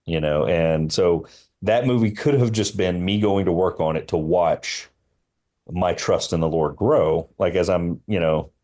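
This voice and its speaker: Man, very low voice, podcast guest, earnest storytelling, lots of ums and restarts. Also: dark tone. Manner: earnest, halting, many fillers and restarts. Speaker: film line producer, podcast guest.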